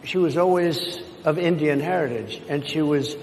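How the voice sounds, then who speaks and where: A man's voice: a little high, normal speed, big-room sound, background noise. A man answering interview questions with insistent, repetitive assertions.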